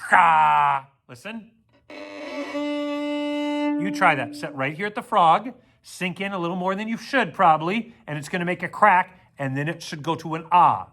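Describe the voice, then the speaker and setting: A fairly high-voiced man leads a children's string lesson on video, playful and energetic. He counts the class through drills and demonstrates as he goes, with faint plucked strings underneath. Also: unhurried, faint music behind. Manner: jokey, playful asides to kids. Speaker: orchestra teacher. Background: plucked string instrument demonstrations.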